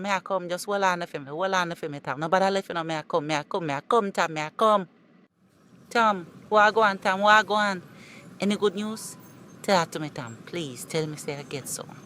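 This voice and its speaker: A woman voicing an eager, emotional young Jamaican woman who pleads and gushes her thanks in an animated cartoon. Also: lowish voice, lightly acted. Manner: pleading, repeats the name over and over.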